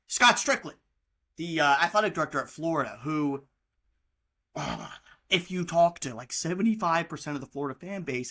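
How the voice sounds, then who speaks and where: A man rants outdoors by the water, his voice bright and edgy as it swings up and down. He talks in a heated, exasperated way, with plenty of profanity. It sounds like a solo sports podcast host venting. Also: high-pitched.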